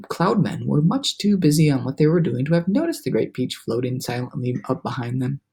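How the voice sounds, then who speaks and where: A man reading a children's novel aloud with lively, animated storytelling. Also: on the high side, creaky, slightly rough. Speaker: reader.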